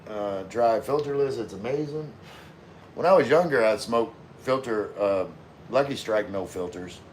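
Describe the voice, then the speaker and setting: Middle-aged male streamer, relaxed, mid-range voice, casual chat with viewers, slight room noise. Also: medium pitch, unhurried. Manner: laid-back, answers viewer comments with frequent fillers. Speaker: livestream host reading chat.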